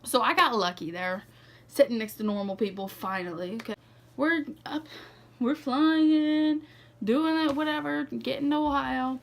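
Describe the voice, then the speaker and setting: Chatty young woman with a gravelly edge. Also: sits high, a little slow. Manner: chatty, says "like" and "okay" a lot. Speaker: vlogger. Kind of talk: casual storytime vlog.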